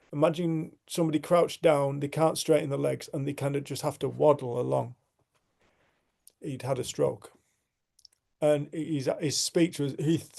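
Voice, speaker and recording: Gravelly, mellow-voiced man telling a story. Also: mid-range voice. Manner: earnest, reflective storyteller with many restarts. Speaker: community group host. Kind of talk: storytelling in casual conversation.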